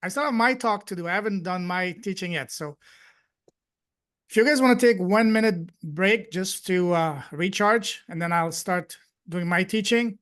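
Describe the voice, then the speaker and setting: A man's voice: sits high, normal speed, a bit bright. A man hosting a live group call, effusive and grateful, thanking people again and again. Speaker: host and coach.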